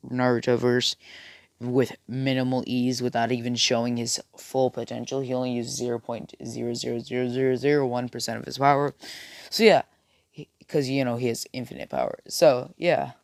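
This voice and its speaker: A man's voice: mid-range voice, no echo. Young man, casual rambling storyteller, lots of fillers, dry close sound. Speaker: video creator. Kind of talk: rambling fan-fiction storytelling.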